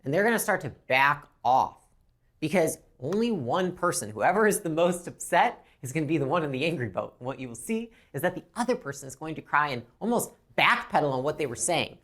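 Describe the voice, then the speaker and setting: A woman's voice: sits low, a little fast. A woman teaching a business lesson, talking bluntly and now and then acting out lines from customers and staff. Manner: animated, acts out customer and rep lines; blunt, swears casually. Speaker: business instructor.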